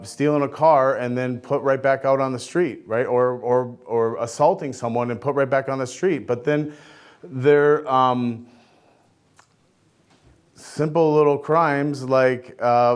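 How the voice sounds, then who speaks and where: A man answering as a candidate at a forum, blunt and halting with many pauses and restarts. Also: medium pitch, clean tone.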